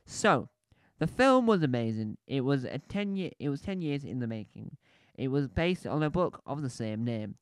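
A man's voice: medium pitch, very animated, normal speed, clean tone, no room sound. A man giving a casual, rambling film review on a podcast, chatty, with many restarts and asides.

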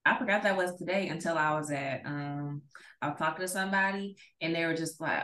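A woman co-hosting a casual podcast chat, telling stories in an animated, emphatic way. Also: sits low, brisk. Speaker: podcast co-host. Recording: echoey room.

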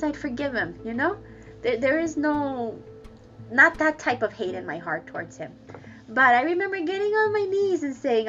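A woman with a high voice tells her own story in a candid, emotional way, laughing between sentences and restarting her words. The recording sounds slightly muffled, with faint music under her voice. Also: a bit bright. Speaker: guest sharing a personal story. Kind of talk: candid personal testimony.

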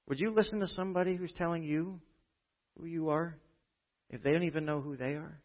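A man preaching a sermon to a church congregation, chatty and full of rhetorical "right?" checks, dropping from loud emphasis to quiet asides. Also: a little high, a little fast. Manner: conversational, with frequent rhetorical "right?". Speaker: pastor. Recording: dull, muffled lo-fi recording.

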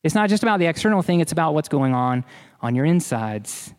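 A pastor's sermon echoes with the long reverb of a big hall, earnest and emphatic, driving points home through repetition. His slightly high male voice is sing-song and a little mellow, moving a little fast.

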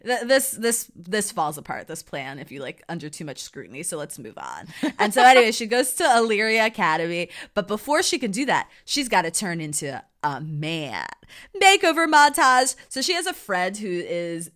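Woman, podcast co-host, casual movie chat, rambling, lively pitch. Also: normal speed. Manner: rambling, animated, lots of fillers and laughs.

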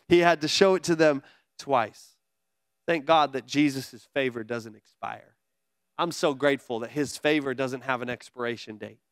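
A male pastor preaching a sermon in an energetic, conversational way, with playful asides. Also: fairly high pitch, no echo, clean studio sound.

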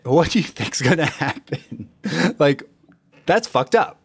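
A man's voice: fairly high pitch, sing-song, slow pace, no room sound. Blunt, profane man hosting a podcast. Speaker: podcast host. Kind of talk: casual motivational talk.

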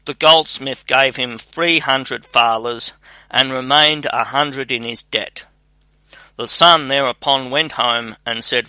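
A man reading a fairy tale aloud as an audiobook narrator, in a measured, even manner. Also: medium pitch, no room sound. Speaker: audiobook reader. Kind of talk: scripted storybook narration.

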